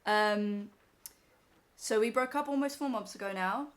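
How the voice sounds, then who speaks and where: A woman's voice: mid-range voice, unhurried. A young woman on a live stream, emotional and teary as she talks to her chat from home.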